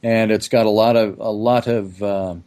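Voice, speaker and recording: A man's voice: on the low side, little pitch movement, moderate pace, warm tone. A man speaking as a guest in a casual podcast interview, chatty and promotional, stringing together long lists. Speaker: guest, event organizer.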